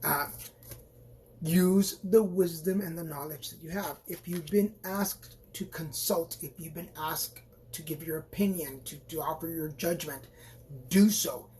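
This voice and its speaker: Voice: medium pitch, measured pace, a little mellow, a little hiss or hum. Tarot reader, live-stream reading, chatty, rambling, reassuring, phone mic. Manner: chatty and rambling, with frequent restarts and playful asides; encouraging and reassuring toward viewers.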